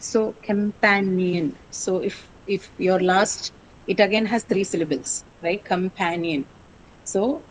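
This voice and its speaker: A woman's voice: lowish voice, slight background noise, rough recording. A woman teacher explaining word stress to a class, patient and explanatory, with many fillers.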